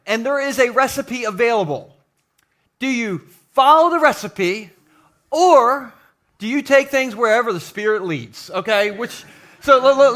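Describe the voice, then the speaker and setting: Middle-aged male pastor, high and bright voice, jokes with the congregation in a church hall. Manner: jokey, animated, talks to the congregation. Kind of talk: sermon. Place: church sanctuary with live audience.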